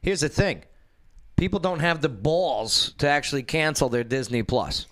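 Lively, blunt male radio host. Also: a little high, moderate pace. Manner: animated, blunt and joking. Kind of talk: casual talk radio banter.

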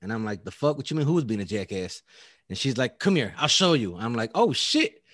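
A man's voice: mid-range voice, expressive, fast, dry recording, clean studio sound. A man casually telling a story, acting out quotes, laughing often and swearing.

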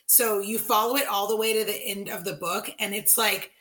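Bright-voiced woman, earnest and warm. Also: mid-range voice, steady tone, normal speed. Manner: earnest, enthusiastic book recommendation. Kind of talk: casual chat.

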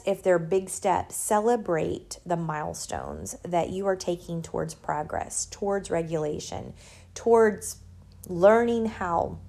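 A middle-aged woman, telling a personal story in a casual, animated way and laughing as she goes. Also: medium pitch, vocal fry. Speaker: nonprofit founder sharing a personal story. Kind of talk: casual personal talk to an audience.

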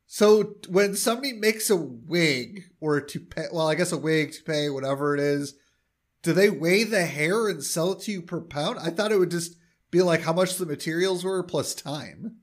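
A man's voice: a little high, moderate pace. Chatty man recapping with fillers. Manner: recaps plot with many fillers and quoted lines. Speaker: podcast co-host recapping an episode. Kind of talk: casual chat.

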